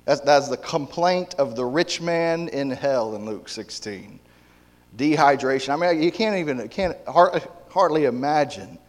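Emphatic preacher in a reverberant hall. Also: male voice, medium pitch, lively intonation, unhurried. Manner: emphatic, repetitive, with frequent restarts. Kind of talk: sermon.

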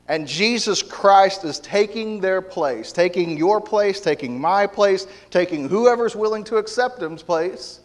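Emphatic preacher in a reverberant hall. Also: male voice, high voice. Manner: emphatic, repetitive, with frequent restarts. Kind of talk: sermon.

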